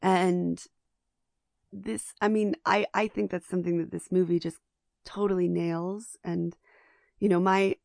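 Gravelly low-voiced woman chatting about films. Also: level tone, measured pace, long pauses, a little mellow, no echo, clean studio sound. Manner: chatty, enthusiastic, frequent restarts. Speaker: podcast co-host. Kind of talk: casual film discussion.

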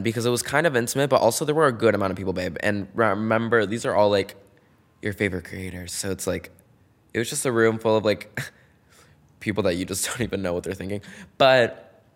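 A young man hosting a casual solo podcast, gossiping in a campy, playful way and swinging between loud bursts and soft asides. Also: medium pitch. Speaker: podcast host.

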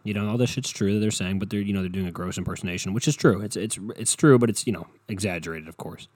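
A man's voice: lowish voice, quick pace, dry recording, studio quality. A young man rambling through a profane, comedic monologue as a podcast host. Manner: rambling, profane, animated storytelling.

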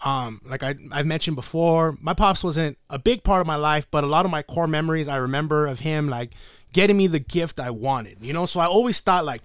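A podcast co-host tells a story in casual chat, profane and slangy, swearing constantly throughout an animated retelling. His voice is a little high and brisk, with a clean tone on a dry, studio-quality recording.

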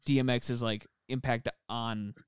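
Rambling young man, smooth dry voice. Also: mid-range voice, flat delivery, moderate pace, no room sound. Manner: rambling, filler-heavy, swears often. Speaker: podcast co-host. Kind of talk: casual chat.

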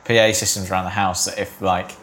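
A man with a fairly low voice hosts a podcast and chats in a relaxed, loose way. His talk is full of fillers, and a faint hiss sits under it. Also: fast talker. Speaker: podcast host. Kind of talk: casual podcast conversation.

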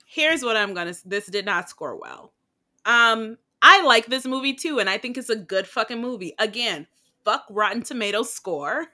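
A woman's voice: fairly high pitch, lively intonation, moderate pace, pushed and bright. A woman co-hosting a podcast in casual chat, blunt and profane, often laughing and going off on tangents. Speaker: podcast co-host.

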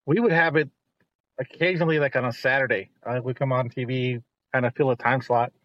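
A middle-aged man, the host's father, telling long rambling stories in casual chat and turning animated when he quotes others. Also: medium pitch, fairly quick, dry recording, lo-fi sound.

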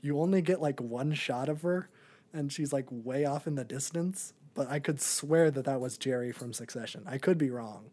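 A man's voice: medium pitch, moderate pace, dark tone. A young man and podcast co-host in a casual movie review chat, rambling with many ums and likes.

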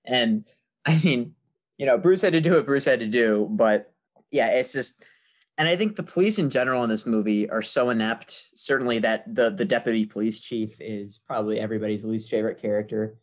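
A man of middle pitch talks casually and eagerly, hopping between scenes and fun facts. His delivery is loose and conversational, with frequent fillers. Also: brisk. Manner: enthusiastic, chatty, shares trivia. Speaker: podcast co-host discussing a film.

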